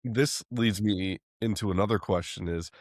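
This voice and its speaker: A man in his thirties hosting a casual car podcast, relaxed and self-deprecating as he asks questions. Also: on the low side, moderate pace, no room sound, studio quality. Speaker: host.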